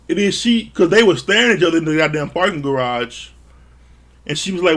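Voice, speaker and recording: A man's voice: high voice, brisk, a bit bright. A man recapping a reality show in a casual, blunt and profane way, sounding exasperated. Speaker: show reviewer.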